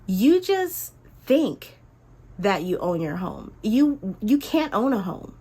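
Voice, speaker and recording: A woman's voice: medium pitch, very animated, warm tone, husky, full character voice. A woman voicing a condescending young female classmate who lectures patiently and insists. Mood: patronizing. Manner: patronizing, insistent, slow and soothing.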